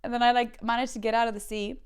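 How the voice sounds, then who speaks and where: A young woman with an Irish accent, a podcast host telling a comic story in a chatty, animated way and acting out quotes with big jumps in pitch. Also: fast talker, smooth. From Ireland.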